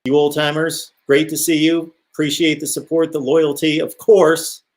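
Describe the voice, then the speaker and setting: A man's voice: on the high side, level tone, moderate pace. A middle-aged man from the American Midwest hosting a live call-in show, chatting casually and rambling as he reads out chat comments. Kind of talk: casual live-stream talk.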